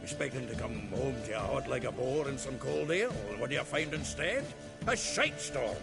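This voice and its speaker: An actor voicing a gruff, hearty male dwarf with a Scottish accent in a video game. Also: medium pitch, lively intonation, normal speed. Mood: grumbling. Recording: game audio under music.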